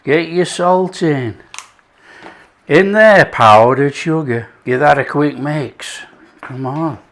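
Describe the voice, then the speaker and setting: A man's voice: fairly high pitch, takes it slowly, fairly bright tone. A man hosting a cooking show, talking through a recipe in jokey, chatty patter. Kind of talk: casual cooking demonstration.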